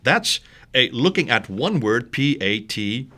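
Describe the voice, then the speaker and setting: A man's voice: medium pitch, big pitch swings, slow, sharp tone. A man from the United States co-hosting a discussion, explaining points emphatically and asking leading questions. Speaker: co-host. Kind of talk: conversational discussion on manuscripts.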